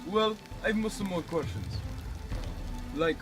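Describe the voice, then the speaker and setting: A bumbling, blunt Russian TV reporter, put on by a young man with a fake Russian accent. His raised voice swings up and down in pitch. Music plays clearly beneath him. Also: expressive, takes it slowly, low-quality recording. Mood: deadpan. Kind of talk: amateur comedy sketch acting.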